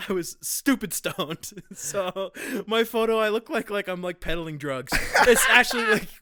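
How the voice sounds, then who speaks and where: A man's voice: sits high, lively intonation, moderate pace, bright, forceful tone. A man co-hosting a comedy podcast, teasing his friend and laughing often, sometimes turning earnest. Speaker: podcast co-host. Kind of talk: casual comedic chat.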